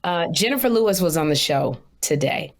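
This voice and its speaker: A middle-aged woman co-hosting a podcast, telling comic stories in an animated way that swings high when she quotes people. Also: brisk. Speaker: podcast co-host. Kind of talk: comic storytelling chat.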